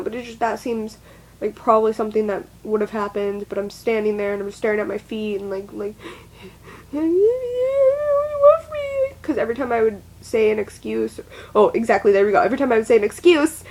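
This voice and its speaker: This young adult woman is a vlogger with a slightly high, darkish voice, caught on a rough recording. She tells a personal story casually and rambles, swearing often and leaning on "like" as filler.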